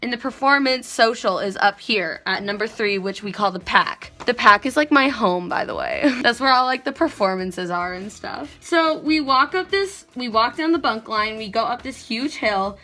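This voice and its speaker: Bright, giggly teenage girl vlogger. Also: on the high side, expressive, normal speed, few pauses, soft background music. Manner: rambling, giggly, heavy on "like". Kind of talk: casual storytime.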